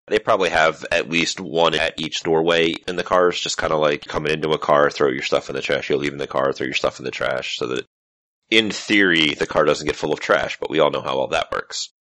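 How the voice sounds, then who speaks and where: A man with a strikingly deep, low voice narrates as game master of a tabletop game. He lays out the scene in an easygoing, explanatory way, recorded close and dry. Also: fairly even intonation, brisk, bright, forceful tone, no echo.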